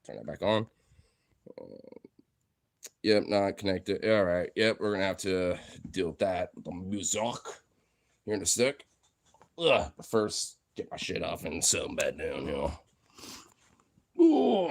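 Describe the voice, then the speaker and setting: A man's voice: sits low, animated, measured pace, gravelly, long pauses. A man casually vlogging at home, talking in a playful, silly voice to his dogs and laughing often. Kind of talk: casual vlog chat.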